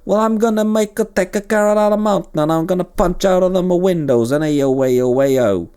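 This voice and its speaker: A man's voice: sits high, moderate pace, dark tone, smooth, pitched above the performer's own voice, lightly acted. A man reading a fellow player's chat lines aloud in an exaggerated put-on Brooklyn accent, hamming it up. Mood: gruff. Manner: hammy, exaggerated twang. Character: gruff fellow builder read from text chat.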